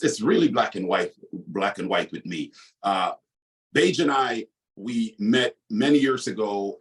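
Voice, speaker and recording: A man's voice: lowish voice, far from the mic. A man with a West Indian accent, a guest telling a personal story in an open, conversational way. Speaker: interview guest. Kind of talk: candid anecdotal storytelling.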